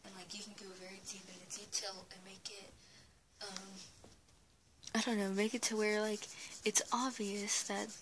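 A woman's voice: mid-range voice, little pitch movement, moderate pace, a little hiss or hum, low-quality recording. A young woman giving casual, rambling advice on creating characters, full of restarts and fillers, recorded on a camera mic at home. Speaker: art vlogger. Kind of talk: casual talking-head advice.

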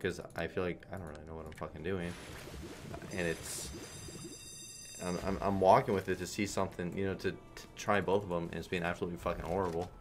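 A man's voice: sits low, flat delivery, a little fast, soft background music. A man streaming online slots, giving casual, profane play-by-play and thinking aloud in a frustrated way.

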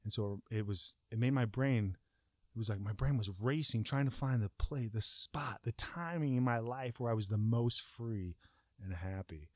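A young man telling a personal story in a casual, profane way, acting out his own panic with sudden shouts. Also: medium pitch, moderate pace, dry recording, studio quality.

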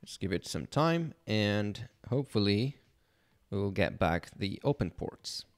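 A man hosting a screen-recorded hacking tutorial, thinking aloud in a relaxed way with some fillers as he explains each step. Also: lowish voice, unhurried. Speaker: channel host teaching penetration testing.

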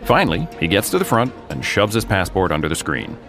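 Deep-voiced and brisk, with a sing-song lilt, an American podcast host tells a true story in dramatic fashion. Jokey banter fills the gaps between scenes, and music plays beneath his voice.

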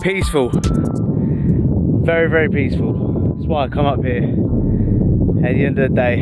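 A man's voice: mid-range voice, normal speed, long pauses, loud music behind the voice. A young man in his twenties vlogging casually, blunt and sweary, rambling while out of breath on an outdoor hill walk. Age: 20s. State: out of breath while walking uphill. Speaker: bodybuilder vlogger. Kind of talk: casual vlog.

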